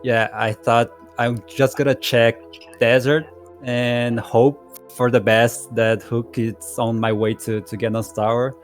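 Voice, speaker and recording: A man telling a story about his race in a halting way, repeating words and chuckling. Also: mid-range voice, little pitch movement, faint music behind. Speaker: racer being interviewed. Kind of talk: casual post-race interview.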